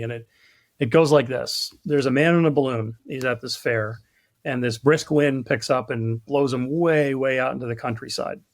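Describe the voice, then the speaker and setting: A man from New York, a guest in a casual podcast conversation, telling stories and jokes with a cynical, self-deprecating humor and acting out the voices. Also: medium pitch. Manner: storytelling, acts out voices in jokes. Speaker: guest, product marketing lead.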